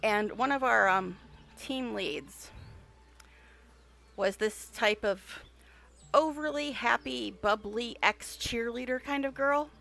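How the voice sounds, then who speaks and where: A woman chats casually with her stream audience while playing a game. Her voice sits a little high, and it is bright with a gravelly edge. She rambles through anecdotes and laughs often. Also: slow pace, long pauses. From United States. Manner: chatty storyteller, laughs often, talks directly to chat.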